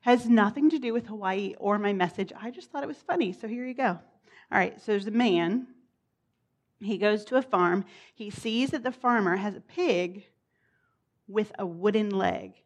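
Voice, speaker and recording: A woman's voice: mid-range voice, moderate pace. A woman preaching a sermon in a chatty, informal way, with laughs and casual asides.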